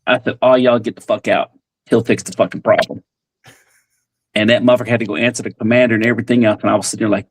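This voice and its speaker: A man guesting on a podcast, telling casual stories in a profane, animated way and acting out what people said. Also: mid-range voice, fast, slightly rough, no echo. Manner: profane, animated storytelling with acted-out quotes. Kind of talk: casual storytelling.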